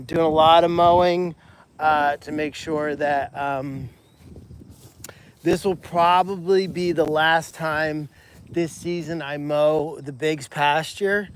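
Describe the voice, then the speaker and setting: A chatty man with a somewhat high voice rambles through a casual live-stream walk-through, full of fillers and restarts. He is walking outdoors on a farm pasture. His phone, held in his hand, picks up the talk. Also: steady tone, takes it slowly, a little hiss or hum. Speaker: animal sanctuary caretaker.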